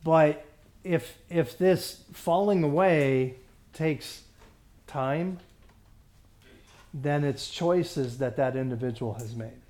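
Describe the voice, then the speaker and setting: A man's voice: on the high side, takes it slowly, long pauses, darkish tone. A man pastor leading a Bible study in a conversational way, often restarting and checking that the group follows him.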